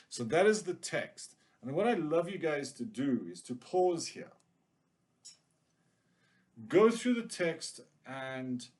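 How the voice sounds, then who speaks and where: A male English teacher giving a casual video lesson, often checking in with "okay?". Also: mid-range voice.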